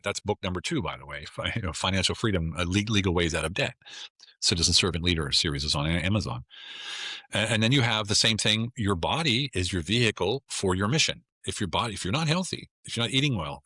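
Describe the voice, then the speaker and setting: A man's voice: deep voice, sharp tone, breathy edge, no room sound, clean studio sound. A middle-aged American man, a guest on a casual podcast, talking in a blunt, emphatic way and often repeating himself. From United States.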